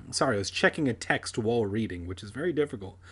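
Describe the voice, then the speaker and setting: A man's voice: fairly low pitch, animated, a little fast, gravelly, husky. A young man reading a children's horror book aloud with sardonic, crude comic asides. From San Diego area.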